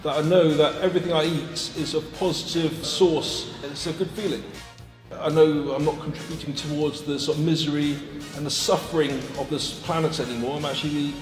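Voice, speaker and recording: A man's voice: on the high side, steady tone, fairly quick. A man, a pro bodybuilder, introducing himself to camera in an upbeat, enthusiastic way. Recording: echoey hall with loud music.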